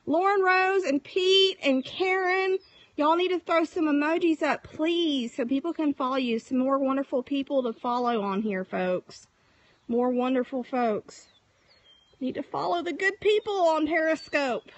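A woman with a slightly high voice hosts a live stream from her phone, outdoors in the countryside. She chats easily and greets each viewer by name. The sound is close and dry, with no echo. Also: a little slow. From Texas. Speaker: livestream host. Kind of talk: casual live-stream chat.

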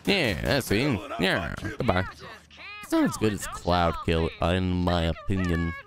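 A man's voice: expressive, moderate pace. A young man commentating his own video game play, rambling and joking to himself. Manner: goofy, silly rambling with sudden high squeals. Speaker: gaming YouTuber.

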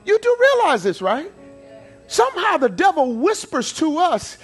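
A man preaching a sermon as pastor, in a folksy, playful manner, swinging between loud shouted lines and quiet asides. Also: very high-pitched, huge pitch swings, a little slow, faint music behind. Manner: preaching with rising shouts and dramatic swings of volume; folksy, playful storytelling with acted quotes.

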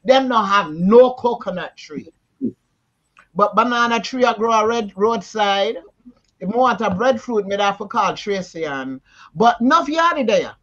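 A woman's voice: medium pitch, measured pace. A woman with a Jamaican accent, raised partly in Jamaica, chatting in an interview and slipping into patois. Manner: animated, switching into patois. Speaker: interview guest. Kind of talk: casual conversation. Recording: dull lo-fi audio.

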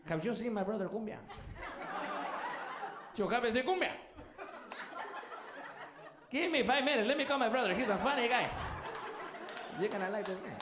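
A crude, gleeful Mexican dad, put on by a man who shouts and teases with a heavy Mexican Spanish accent. The voice leaps high and swings widely. The sound is echoey with noise behind it. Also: expressive, normal speed, long pauses. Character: the comedian's excitable, crude, mocking Mexican dad. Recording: echoey room with background noise.

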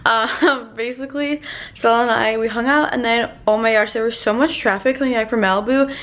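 A woman vlogger talks fast and rambles, dropping "like" into nearly every sentence. Her voice sits a little high, and she sounds worn out at the end of a long day. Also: steady tone, a bit bright. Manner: rambling and chatty, many filler "like"s. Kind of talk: casual vlog chat.

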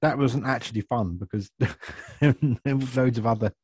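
A man, chatting as an actor guest in a relaxed interview, self-deprecating and laughing often. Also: mid-range voice, normal speed, husky, dry recording. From Essex, England. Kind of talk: casual interview chat.

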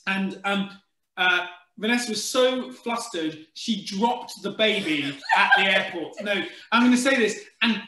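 High-voiced guy, blunt and jokey, swears a lot, roomy sound. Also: expressive, a little slow, bright, forceful tone. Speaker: actor guest. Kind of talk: casual chat.

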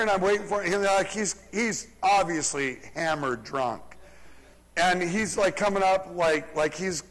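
A man, a pastor, preaching and telling a story in a lively, chuckling way during a church service. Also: high voice. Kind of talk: sermon storytelling. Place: church service, large room. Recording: live church recording with long hall reverb.

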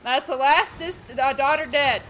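High, bright-voiced excitable woman gamer. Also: moderate pace. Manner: excitable, jumpy, talks back to game characters and shrieks when scared. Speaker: video game streamer. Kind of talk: let's play commentary.

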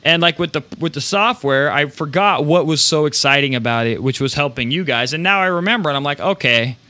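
A man hosting a podcast, giving energetic, rambling motivational talk with casual swearing. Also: on the high side, a little fast. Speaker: podcast host.

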